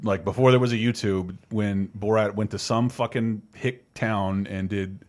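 A man hosting a podcast, chatting casually in an animated, profane manner and laughing often. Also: lowish voice, normal speed. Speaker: podcast host. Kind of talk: casual chat.

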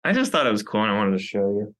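A man's voice: fairly low pitch, very animated, very fast, a bit bright. A man chatting as a guest on a podcast, rambling and self-conscious, joking with the hosts. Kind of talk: casual chat. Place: podcast studio.

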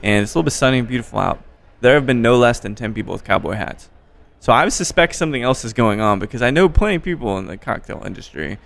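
Gravelly American man, wry chat. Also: mid-range voice, expressive, fast talker, fairly bright tone. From American Midwest. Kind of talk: casual chat. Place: bar by a window.

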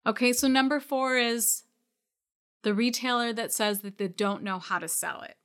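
A woman with a bright, crisp voice speaks as a retail business coach. She talks straight to her listeners, encouraging but firm, pushing them past their excuses. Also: a little high, normal speed. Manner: direct, encouraging, calls listeners out. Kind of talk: coaching podcast talk.

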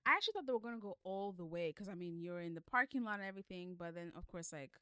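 A bright, crisp-voiced woman chats about a book she's reading, laughing a lot and acting out what the characters say. The sound is dry and close. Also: on the low side, lively intonation, rapid-fire, no room sound. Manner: chatty, laughs often, quotes characters. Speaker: book club podcast co-host. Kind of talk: casual chat recapping a novel.

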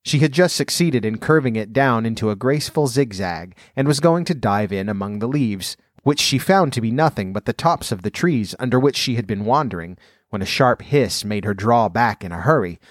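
A man's voice: medium pitch, lively intonation, moderate pace, no echo. Man reading a storybook, dry sound. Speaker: narrator.

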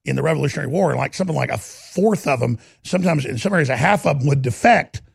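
A man hosting ranting political commentary, indignant and rambling, and shouting at times. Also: a little high, animated, quick pace, vocal fry, breathy edge, no echo, studio quality.

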